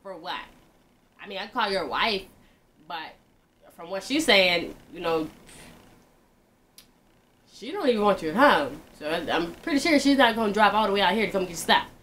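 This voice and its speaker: A woman's voice: medium pitch, lively intonation, normal speed, long pauses, fairly bright tone. A woman talking casually into the camera, telling a personal story in a loose, offhand way, trailing off and backtracking to recall details.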